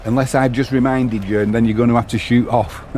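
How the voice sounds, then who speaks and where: A man's voice: medium pitch, steady tone, fairly quick, a little mellow, soft background music. A middle-aged Englishman hosting a live match stream, chatting casually and bantering with viewers while commenting on the game. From England. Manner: chatty, bantering, reads viewer messages aloud.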